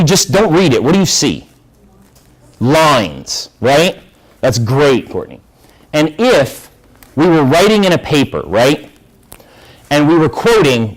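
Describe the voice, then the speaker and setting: A man's voice: a little high, low-quality recording. Guy teaching a class, voice goes up and down a lot, keeps asking the room stuff. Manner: lively, asks the class questions. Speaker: high school English teacher.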